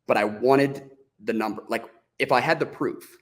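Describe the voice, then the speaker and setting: A man as a podcast guest, telling a story in a casual, animated way, acting out the dialogue as he goes and often restarting his sentences. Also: medium pitch, normal speed. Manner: frequent restarts and "like" fillers.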